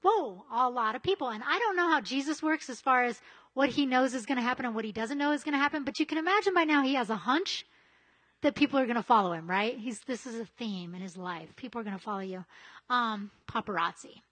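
A woman's voice: fairly high pitch, lively intonation, fast talker, fairly bright tone. A woman giving a casual, conversational sermon, full of chatty asides and frequent "right?" checks with her listeners. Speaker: preacher.

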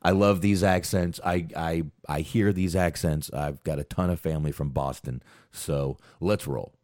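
A man's voice: a bass voice, steady tone, moderate pace, a little mellow, no room sound. A man hosting a podcast, rambling casually about a film and thinking aloud while looking things up. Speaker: podcast host.

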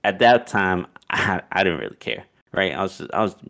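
A man's voice: low voice, animated, moderate pace, a bit bright. A young man casually telling a story, loose and profane, with "like" in nearly every line. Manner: loose and profane, heavy use of "like".

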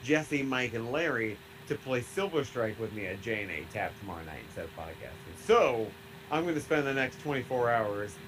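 A man's voice: mid-range voice, animated, normal speed, a bit bright, a little hiss or hum, low-quality recording. A man with a Midwestern American accent co-hosting a casual podcast, rambling with many fillers and frequent laughter. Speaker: podcast co-host.

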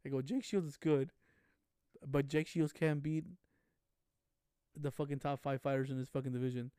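A man's voice: mid-range voice, normal speed, smooth, dry recording. A man co-hosting a podcast, telling a story with a lot of swearing and energy. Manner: animated storyteller, heavy swearing. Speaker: podcast co-host. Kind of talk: casual chat.

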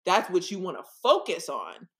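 A woman co-hosting a podcast in casual chat, animated and theatrical, often slipping into quoted voices. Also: fairly low pitch, moderate pace, gravelly. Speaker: podcast co-host.

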